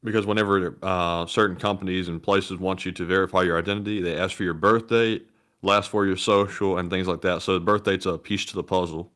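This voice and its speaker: Man, Southern US accent, lowish voice, wry, casual stream co-host. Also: fairly even intonation, a little fast, fairly bright tone. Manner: easygoing, wry, reads viewer messages. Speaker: co-host reading super chats. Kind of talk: casual livestream chat.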